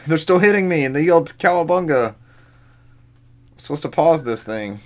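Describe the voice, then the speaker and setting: A man's voice: on the high side, lively intonation, a little fast, a little mellow. Male podcast host, casual, giggly, wisecracking banter. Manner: laughs often, loose and joking. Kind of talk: casual chat.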